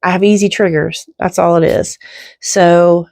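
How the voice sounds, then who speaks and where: A woman's voice: fairly low pitch, steady tone, a little slow, darkish tone, no room sound. Earnest woman in her fifties, dry sound. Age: 50s. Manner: earnest, rambling with restarts. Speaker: faith vlogger. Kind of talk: casual heartfelt chat.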